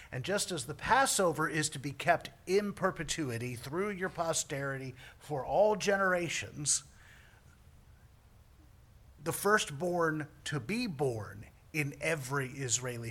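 Man, priest, sermon, joking asides to the congregation, husky voice. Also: a little high, fairly bright tone.

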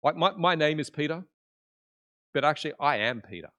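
A man preaching a conversational sermon in church, swinging between loud emphasis and quiet, intimate asides. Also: fairly high pitch, animated, brisk. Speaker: pastor.

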